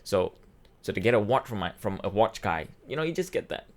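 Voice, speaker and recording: A man's voice: fairly low pitch, big pitch swings, brisk. A man in his twenties, a vlogger, telling a personal story in a rambling, emotional way with many restarts, choked up and near tears. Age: 20s. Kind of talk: casual storytelling.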